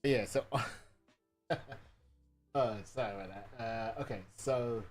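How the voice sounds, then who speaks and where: A man's voice: medium pitch, slow pace. A man talks casually to his stream viewers at a desk microphone, rambling along with fillers and tag questions. He swears freely and keeps checking that chat is following. Faint music sits under his voice. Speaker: live streamer.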